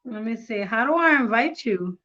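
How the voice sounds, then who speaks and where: A woman hosting a casual live stream, excitable and quick to laugh, flustered as she works out the tech on her tablet. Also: a little high, muffled recording. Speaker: livestream host.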